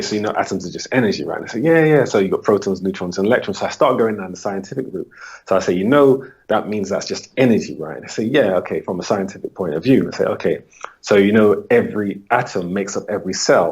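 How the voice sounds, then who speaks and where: A low-pitched, expressive voice, a little mellow and husky, belongs to a man interviewed as a holistic coach. Brisk but patient, he explains his approach conversationally, performing both sides of his client talks.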